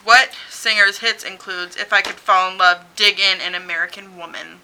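A woman's voice: mid-range voice, steady tone, normal speed, sharp tone, a little hiss or hum, poor audio. A tipsy woman co-hosting a casual chat at home, dry and grumbling and swearing now and then. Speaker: co-host.

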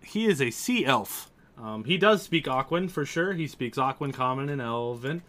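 A man's voice: mid-range voice, animated, normal speed, a bit bright. A man running a tabletop game as game master, talking in a casual, joking, hesitant way.

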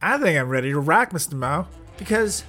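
A man co-hosting a comedy podcast, joking sarcastically and swinging from muttered asides to loud bursts. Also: fairly high pitch, very animated, brisk, faint music behind. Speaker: podcast co-host.

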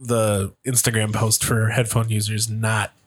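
A man's voice: on the low side, little pitch movement, a little slow. A man co-hosting a casual podcast chat, playful and jokey, who stretches his words out. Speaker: podcast co-host.

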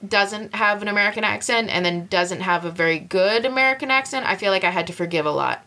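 A woman's voice: medium pitch, fast talker, sharp tone. A young woman chatting casually on a podcast, giggly and full of fillers. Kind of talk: casual chat.

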